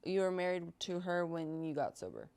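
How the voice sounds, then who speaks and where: A man's voice: fairly high pitch, big pitch swings, gravelly, a little mellow, clean tone. A man co-hosting a recovery podcast, chatting casually and reacting with frank agreement. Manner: quick affirming interjections, frank. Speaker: podcast co-host. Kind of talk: casual chat.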